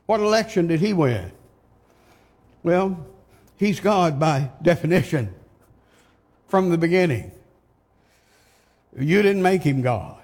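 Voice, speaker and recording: Slow, emphatic older preacher in a hall. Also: male voice, on the high side, a little mellow. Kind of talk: sermon. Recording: long hall reverb.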